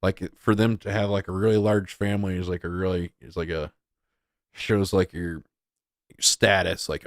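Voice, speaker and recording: A man's voice: deep voice, fairly even intonation, a little fast, dry recording, clean studio sound. A young man hosting a podcast, giving rambling casual commentary full of filler words. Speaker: podcast host.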